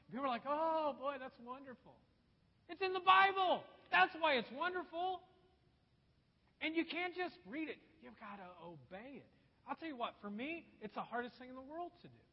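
A man with a very high, husky voice preaches as pastor in a church sanctuary, emphatic and repeating phrases while calling his listeners folks. The recording has the dull, echoey quality of a church hall.

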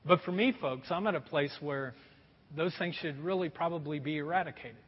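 A man's voice: on the high side, normal speed, husky, big-room sound, muffled recording. A middle-aged man preaching a sermon in a church, telling folksy stories and calling his congregation folks. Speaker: pastor. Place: church sanctuary.

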